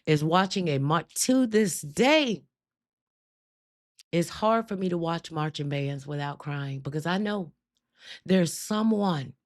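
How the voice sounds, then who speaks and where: A woman hosting a live stream, telling her testimony with emphatic, drawn-out storytelling and frequent laughter. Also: deep voice, darkish tone. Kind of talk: spoken testimony to a live chat.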